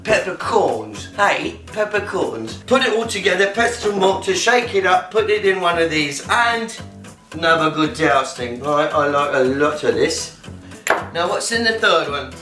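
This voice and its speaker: A rambling, silly English home cook, put on by a man in a fake English accent, chatting his way through a recipe. The sound is roomy and picked up from across the kitchen, with loud music playing behind. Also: fairly high pitch, animated, a little slow, distant mic. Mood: chatty. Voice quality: rambling, silly, self-talking. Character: chatty British alter ego of the man, cooking. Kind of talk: cooking demonstration in character.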